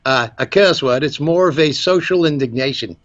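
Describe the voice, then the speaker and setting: A man's voice: a little high, normal speed, fairly bright tone, dull audio. A man with an English accent co-hosting a comedic webcam stream, bantering in a dry, mock-formal way. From England. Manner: mock-formal, dry banter, keeps addressing his co-host by name. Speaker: co-host of a webcam stream show. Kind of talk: casual comedic stream chat. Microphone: webcam microphone.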